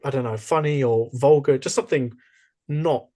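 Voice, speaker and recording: A young man chatting as a podcast guest, telling stories in a lively way with many fillers and restarts. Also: medium pitch, moderate pace. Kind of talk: casual interview chat.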